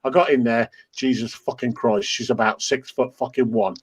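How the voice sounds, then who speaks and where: A man's voice: medium pitch, fairly even intonation, moderate pace, husky. A middle-aged man with an English accent, chatting casually with friends, swearing freely and laughing often as he tells stories. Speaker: host of a chat stream. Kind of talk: casual chat among friends.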